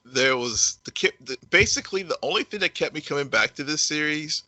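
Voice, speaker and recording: A man co-hosting a podcast, talking casually with halting repeats while summing up a show. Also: on the high side, animated, sharp tone, no room sound, rough recording. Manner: halting, repeats words, summarizes plots. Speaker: podcast producer and co-host. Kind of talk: casual review chat.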